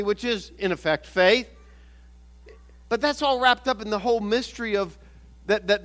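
A man's voice: high-pitched, fairly bright tone. A man preaching a sermon as pastor, explaining a Bible passage earnestly and often correcting himself mid-sentence.

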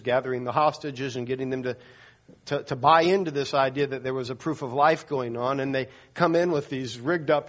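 A male pastor preaching a sermon, telling a dramatic story and acting out the quoted people. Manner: storytelling, voices quoted people with rising pitch.

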